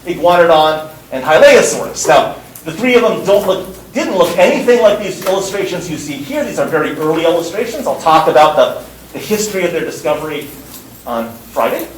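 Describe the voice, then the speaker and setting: A man's voice: fairly high pitch, very animated, fairly quick, roomy sound, far from the mic, slight background noise, rough recording. A man teaching a university course, lecturing in an emphatic way and repeating words for stress. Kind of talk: classroom lecture.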